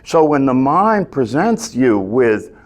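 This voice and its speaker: A man's voice: medium pitch, big pitch swings, slow. A man teaching a meditation class, talking earnestly, often checking in with "right?" and restarting his phrases.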